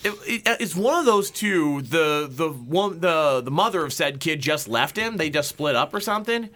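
A man's voice: fairly high pitch, animated, moderate pace, bright, forceful tone. A man co-hosting a casual radio chat, trading dry, teasing remarks. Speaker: radio co-host.

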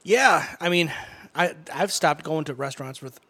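A man's voice: fairly high pitch, normal speed, bright, forceful tone. A man co-hosting a radio show in casual, joking banter, laughing often. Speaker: radio co-host.

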